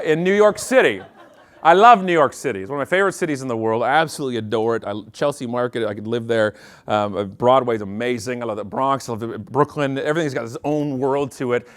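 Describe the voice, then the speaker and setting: A man's voice: mid-range voice, brisk. A Canadian man giving a comedic keynote talk on a conference stage, telling stories and acting out the quotes. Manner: animated storytelling with acted-out quotes. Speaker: keynote speaker.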